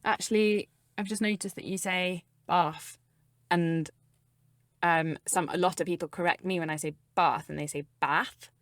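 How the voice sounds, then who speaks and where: A woman in her thirties from the West Country of England, with a West Country accent, co-hosting a podcast in a lively, conversational way and laughing easily. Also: on the low side, moderate pace, no room sound, clean studio sound. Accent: West Country English. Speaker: podcast co-host. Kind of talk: casual chat.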